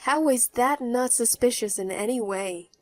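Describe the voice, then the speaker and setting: A woman narrating her own story in the first person, with a mocking, even tone. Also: fairly high pitch, moderate pace. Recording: faint background music.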